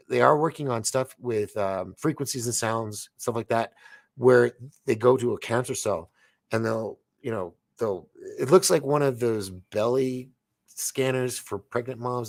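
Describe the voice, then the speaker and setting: A man in his forties hosting a late-night livestream, rambling excitably with stammering restarts as he reads viewer comments aloud. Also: medium pitch, moderate pace, vocal fry, no room sound, clean studio sound. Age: 40s. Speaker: livestream host.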